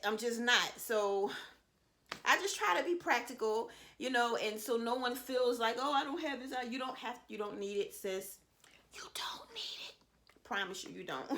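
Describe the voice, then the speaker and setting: A woman's voice: fairly high pitch, sharp tone, a little hiss or hum. A woman in her thirties giving casual, reassuring advice to other mothers in a vlog, peppered with "you know" and promises. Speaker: vlogger, mother of seven.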